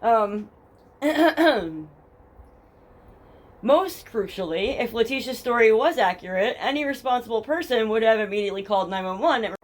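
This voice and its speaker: A woman's voice: on the high side, lively intonation, normal speed. A young woman with a New Jersey accent hosting a true crime podcast, reading case documents aloud and breaking off to mock them bluntly with lots of swearing. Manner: blunt, profane and sarcastic, reads case documents then mocks them. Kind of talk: casual true crime storytelling. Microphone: headphones with a home mic.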